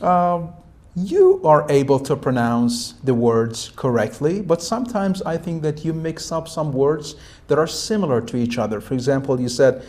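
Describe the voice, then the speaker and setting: A man giving spoken feedback to a student as a speaking examiner, calm and instructive, with many fillers and restarts. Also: fairly high pitch, normal speed.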